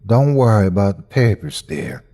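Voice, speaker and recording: A man's voice: fairly low pitch, very animated, moderate pace, warm tone. A man voicing a kind female scientist boss with a soothing Southern accent and a motherly manner.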